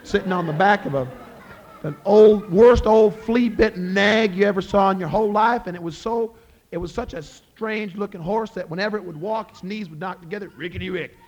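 A man's voice: high voice, moderate pace, a little mellow, highs cut off. A man telling a folk tale in a folksy way, with chuckling asides to his listeners. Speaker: storyteller.

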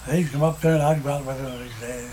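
A man's voice: mid-range voice, fairly even intonation, fast talker, dark tone, a little hiss or hum, rough recording. An older man spinning a rambling fishing yarn in country dialect, chuckling between lines. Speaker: storyteller. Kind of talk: oral history storytelling.

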